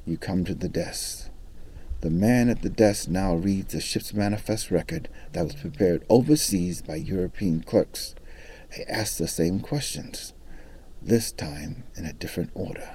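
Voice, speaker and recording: A man's voice: low-pitched, expressive, moderate pace, dark tone, slightly rough. A middle-aged man working as a national park ranger, telling history as a dramatic story with varied emphasis. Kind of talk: storytelling guided talk.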